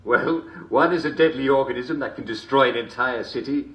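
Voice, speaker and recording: A man's voice: medium pitch, fairly quick, fairly bright tone, highs cut off, close to an everyday voice. An actor playing a jolly TV show host, chuckling constantly between lines in chummy showman patter. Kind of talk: video game character performance.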